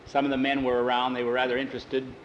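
A man's voice: medium pitch, quick pace, dull audio, slight background noise. Folksy male storyteller. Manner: folksy, relaxed. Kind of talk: oral storytelling.

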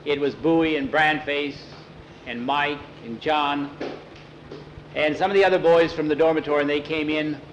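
A man spinning a story out loud, chatty and rambling, in a fairly high voice. He leans on "he said" over and over to move the scene along, with faint ambient noise behind him. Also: steady tone, normal speed, muffled recording. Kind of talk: informal oral storytelling.

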